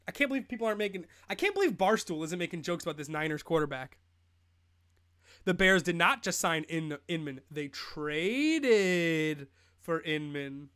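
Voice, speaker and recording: High-voiced young guy rambling on a live football stream, joking and laughing a lot. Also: fairly bright tone, clean tone. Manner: rambling, joking, sings snippets, laughs often. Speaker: host. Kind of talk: casual live-stream chat.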